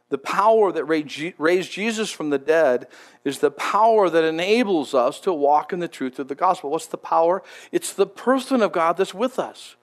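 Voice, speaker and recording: A man with a notably high voice preaches a sermon in a casual, conversational way. He leans on emphasis and often repeats words as he builds his points. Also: expressive, moderate pace. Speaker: pastor.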